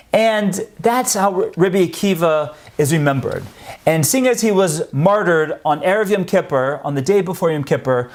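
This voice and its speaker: A man giving a storytelling lecture on Jewish history, acting out the quotes in his stories. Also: sits high.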